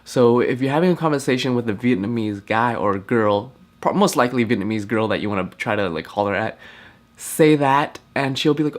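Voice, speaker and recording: A young man vlogging to camera, joking and slangy, with a deadpan prank delivery. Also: mid-range voice, moderate pace. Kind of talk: joking vlog talk to camera.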